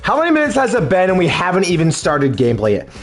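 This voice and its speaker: A man's voice: high voice, wildly swooping pitch, quick pace, soft background music. A man doing casual, self-mocking commentary while dubbing a game, swearing now and then.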